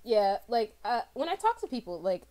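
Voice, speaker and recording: A woman's voice: a little high, sing-song, moderate pace, dark tone. A woman from the United States in casual chat as co-host, rambling and self-mocking, with many fillers. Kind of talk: casual chat over a drawing stream.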